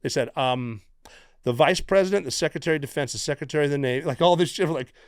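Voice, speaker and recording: A middle-aged man from the United States, a former Navy SEAL guest telling stories in a casual, profane, animated way. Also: fairly high pitch, fast talker, smooth, dry recording, studio quality. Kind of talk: casual storytelling.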